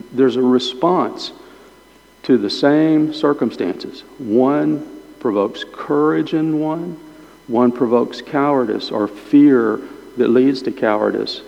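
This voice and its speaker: A pastor leads a small Bible class in an informal teaching sermon, thinking aloud and repeating himself often while chewing gum. His voice is medium-pitched and darkish with vocal fry, and he speaks slowly. The recording is dull and lo-fi, with a long hall reverb.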